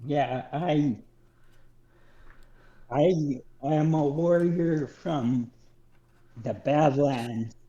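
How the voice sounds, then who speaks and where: Casting note: blunt Badlands warrior, male, a man doing it in a dark, slow, halting voice on an echoey, dull mic. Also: on the high side. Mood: earnest. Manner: halting, hesitant delivery.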